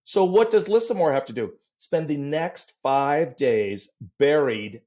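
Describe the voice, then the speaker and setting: A middle-aged man, a voice teacher, telling lively stories in a podcast interview and singing short demo syllables. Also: a little high, unhurried. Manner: animated storyteller, sings demo syllables. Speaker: voice teacher and guest.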